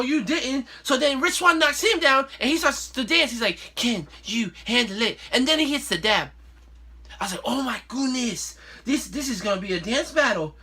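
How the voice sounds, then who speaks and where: A male host giving a casual, excitable and playful wrestling recap. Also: extremely high pitch. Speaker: show host.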